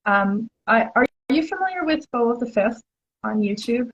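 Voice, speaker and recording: A woman's voice: on the high side, expressive, normal speed. Chatty enthusiastic woman host, lo-fi audio. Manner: enthusiastic, chatty, many "like" fillers. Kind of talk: casual interview chat.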